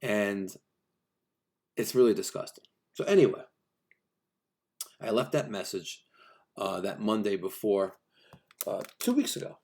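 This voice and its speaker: A middle-aged New man with a somewhat low voice, ranting in a vlog about bad customer service. He sounds exasperated and keeps acting out his phone calls. He speaks as a trade contractor. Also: lively intonation, measured pace, gravelly, long pauses, darkish tone, a little hiss or hum. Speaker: HVAC contractor.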